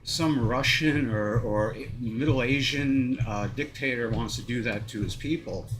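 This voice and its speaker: A man's voice: medium pitch, a little slow, a bit bright, slight background noise, rough recording. An American man talking casually while walking on a treadmill, rambling and profane, with lots of fillers and short laughs. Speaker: vlogger. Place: home treadmill.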